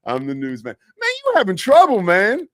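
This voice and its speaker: A man putting on the voice of an angry pickup driver who teases him in a high, drawn-out way. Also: huge pitch swings, dry recording, clean studio sound. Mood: mocking.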